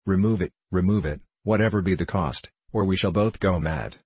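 A man voicing a calm, firm, devoted young wife, speaking slowly and steadily in an audiobook reading. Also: sits low, breathy edge, no echo. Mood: resolute.

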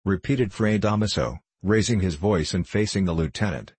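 Deep husky male audiobook narrator. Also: moderate pace, a little mellow, dry recording. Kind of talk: scripted narration.

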